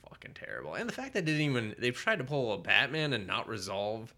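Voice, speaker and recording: A man's voice: mid-range voice, sing-song, quick pace, bright, forceful tone. A man co-hosting a casual comedy podcast, ranting with profanity and acting out quotes in silly voices. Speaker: podcast co-host.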